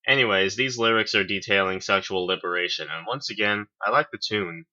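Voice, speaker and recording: A man's voice: on the low side, brisk, bright, forceful tone, lo-fi sound. A man hosting a music review, reading his verdicts with dry sarcasm. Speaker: host, album reviewer. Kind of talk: semi-scripted review.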